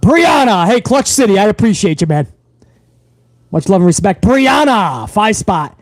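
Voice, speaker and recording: A brash, foul-mouthed man hosts a live wrestling talk stream, loud and unfiltered as he rants at his viewers. His voice sits unusually high for a man and sounds close and bone-dry. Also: big pitch swings, measured pace, no echo. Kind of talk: profane live-stream rant.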